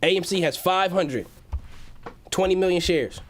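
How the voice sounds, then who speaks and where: A hyped young man chats on a livestream from his home, talking in loose slang and reading chat messages aloud. His voice sits a touch high for a man. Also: unhurried, a little hiss or hum. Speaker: livestream host.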